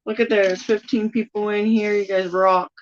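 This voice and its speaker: A woman's voice: medium pitch, little pitch movement, moderate pace, highs cut off, a little hiss or hum. A woman co-hosting a live stream, chatting casually in an upbeat, encouraging way. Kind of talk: casual chat.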